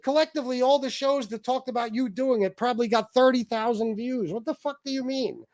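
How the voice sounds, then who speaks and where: Heated male livestream host, high voice, swearing rant, dry mic. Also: brisk, few pauses, darkish tone, dry recording. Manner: profane, heated, repetitive. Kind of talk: ranting livestream commentary.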